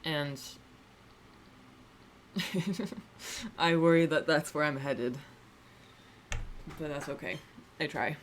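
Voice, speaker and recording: A woman's voice: deep voice, slow, long pauses, a little hiss or hum. Wry, rambling woman streamer. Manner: rambling, wry, self-deprecating, restarts sentences; swears casually. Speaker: livestreamer. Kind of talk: casual livestream chat.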